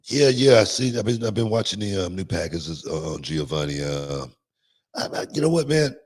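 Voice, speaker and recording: A middle-aged man, a former wrestler co-hosting a podcast, talking casually in a halting way with many "you know"s. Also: sits low, slightly rough. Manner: relaxed, halting, heavy use of "you know". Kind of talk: casual chat.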